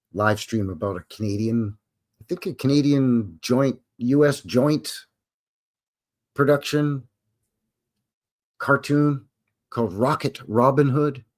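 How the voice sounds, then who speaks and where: A man hosting a casual live stream, chatting, reading aloud and adding asides. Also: lowish voice.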